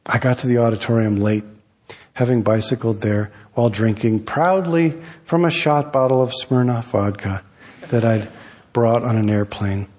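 A husky, slightly breathy man reads his own essay aloud. He tells it in a wry, measured way, with pitch set in a middle range for a man. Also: a little mellow, in a large hall. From United States. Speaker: author.

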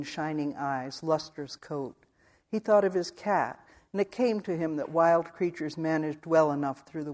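A man reading a literary western novel aloud as an audiobook narrator, measured and even. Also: a little high.

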